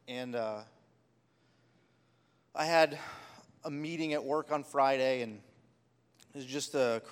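A man's voice: mid-range voice, smooth, long reverb tail. A man preaching a sermon, telling personal stories with heartfelt, rising emphasis. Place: church sanctuary.

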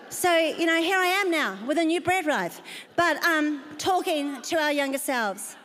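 An older woman preaches with emphatic conviction, calling out to her congregation. Her voice sits high. It rings with the long reverb of a large hall. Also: animated, unhurried, fairly bright tone. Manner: emphatic preaching with call-outs to the audience. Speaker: pastor. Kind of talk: sermon.

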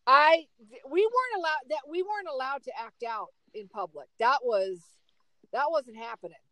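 A middle-aged woman telling a story in casual chat, emphatic and animated. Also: moderate pace, no echo, rough recording. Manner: animated, emphatic storyteller with big swings in pitch.

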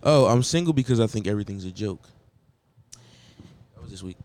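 Male co-host, lowish voice, slangy, jokey. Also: expressive, brisk, darkish tone. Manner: joking, slangy. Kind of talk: casual chat.

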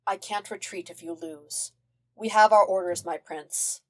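A woman doing a quiet, grave colonel. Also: a little slow, natural voice. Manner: quiet, grave, low-key. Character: grave, dutiful male army colonel. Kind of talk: podfic character voice.

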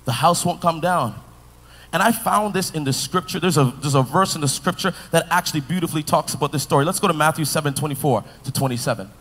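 A man preaching a sermon, playfully retelling a children's story to the crowd in an animated, engaging way. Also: fairly high pitch. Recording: long hall reverb.

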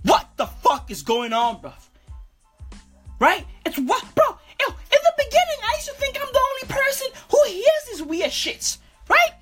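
A woman's voice: very high-pitched, very animated, measured pace, faint music behind, full character voice. A woman playing a boastful, foul-mouthed male street bro who talks in cursing slang and keeps saying "bruv", in a comedic character monologue.

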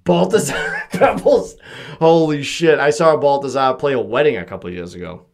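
A man's voice: mid-range voice, animated, moderate pace. Easygoing Boston-accented man. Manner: swears freely, laid-back banter. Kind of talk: casual chat.

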